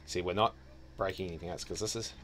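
Very deep-voiced New man muttering. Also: steady tone, quick pace, a bit bright, a little hiss or hum. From New Zealand. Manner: muttering thoughts aloud, trailing off and correcting himself. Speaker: streamer. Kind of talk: casual gameplay commentary.

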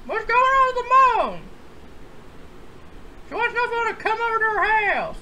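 A woman chatting casually while playing a life-sim game, tossing off quiet asides. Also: very high voice, very animated, normal speed, very noisy. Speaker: let's-play co-host. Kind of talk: casual gameplay chat.

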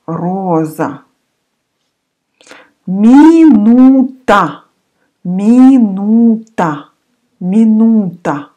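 A woman with a Russian accent teaching a language lesson, pronouncing each word slowly and repeating it several times. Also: lowish voice, dark tone.

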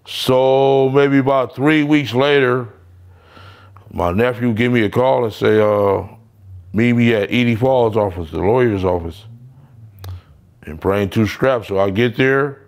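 A man's voice: mid-range voice, measured pace, long pauses. A man telling stories in a casual interview, blunt and profane, acting out the voices of people he quotes. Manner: profane street storytelling, acts out quoted voices. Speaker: interview guest.

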